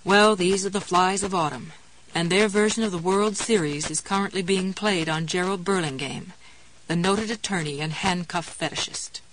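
A woman's voice: fairly low pitch, moderate pace, a bit bright, a little hiss or hum, close to an everyday voice, rough recording. A woman reading a blunt, sardonic inner voice that sounds tired and wan. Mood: sardonic, weary. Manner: wry, sardonic, weary.

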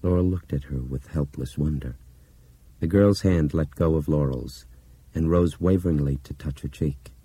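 A man reading a novel aloud in steady, measured narration that drops to a hush at times. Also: rumbling low, breathy edge, no echo. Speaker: audiobook narrator. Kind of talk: scripted narration.

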